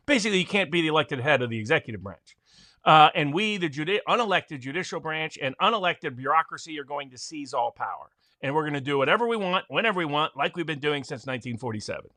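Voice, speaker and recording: A man delivering a heated political rant as a co-host, his voice bright and forceful and pitched a little high. He talks in a fast, pushing way, with a dry, close sound and no room around it. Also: no echo. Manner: forceful, ranting, mocking quotes. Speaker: constitutional attorney, co-host. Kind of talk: animated political commentary.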